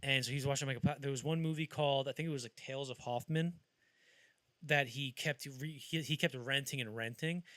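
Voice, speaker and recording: This man hosts a podcast, speaking a little fast in a medium-pitched voice with no room sound. Chatting casually about film history, he animates his stories by performing the quotes.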